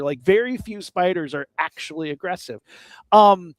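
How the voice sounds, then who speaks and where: A man's voice: high voice, dry recording, clean studio sound. A man co-hosting a podcast, chatting casually about horror movies in a rambling, joking way. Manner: rambling, animated, quick to joke. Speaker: podcast co-host.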